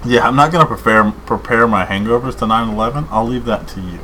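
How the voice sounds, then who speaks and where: A man co-hosting a podcast in casual chat, rambling and excited, saying dude and man a lot. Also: mid-range voice, fast talker, slight background noise, rough recording. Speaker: podcast co-host.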